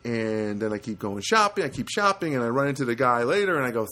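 Male storyteller, lively swooping voice, rambling comic monologue with voice impressions. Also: quick pace. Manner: animated, jumps to high pitch for quoted voices and honk sounds; rambling with frequent restarts and asides. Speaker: comedic storyteller.

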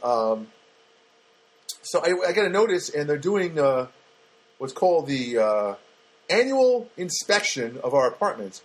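A comedian talking alone on his podcast in a slightly husky, mid-pitched voice. He wanders from story to story with fillers and restarts, in a wry, self-mocking manner. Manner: rambling, self-deprecating, many fillers and restarts. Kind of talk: rambling comic monologue.

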